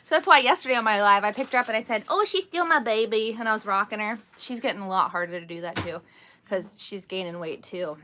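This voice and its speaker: A woman in her thirties hosting a casual live stream from home, chatting and telling rambling stories in an animated way. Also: medium pitch, fast talker, noisy background.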